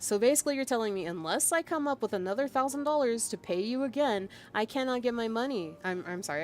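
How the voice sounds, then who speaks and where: Reading a chat log aloud on her VTuber stream, this woman rants in an exasperated, emphatic way, dropping frequent fillers and breaking into laughter. She talks quickly at medium pitch with hardly any pauses, over faint background music.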